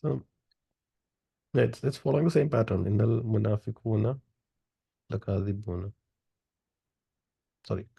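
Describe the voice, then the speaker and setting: A male student answering tentatively in an online class. His voice is heavily gravelly and husky, with a dark tone. The sound is dry, with no room echo. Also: fairly low pitch, normal speed, pauses often.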